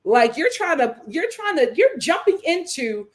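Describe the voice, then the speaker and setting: Woman host, high voice, sassy and animated, reads viewer comments. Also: measured pace. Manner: animated, laughs often, sassy.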